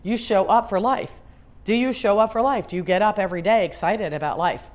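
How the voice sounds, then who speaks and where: A woman's voice: mid-range voice, a little fast. A middle-aged woman, a grief specialist, giving an earnest motivational talk to an audience, repeating her questions for emphasis.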